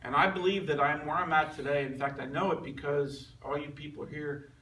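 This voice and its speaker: A man with a bright, somewhat high voice tells his testimony to a men's group. He speaks earnestly and conversationally, heard from a distance in an echoey room. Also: fairly even intonation, fairly quick, slight background noise. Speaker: man giving a personal testimony. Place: meeting room with a group listening. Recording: echoey room recorded from far off.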